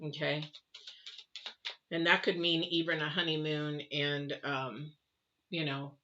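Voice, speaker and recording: Lowish tense lady rambling thru a tarot reading, kinda muffled lo-fi sound. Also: bright, forceful tone, slight background noise. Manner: chatty, rambling, many fillers and restarts. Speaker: tarot reader. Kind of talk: live tarot reading, casual chat.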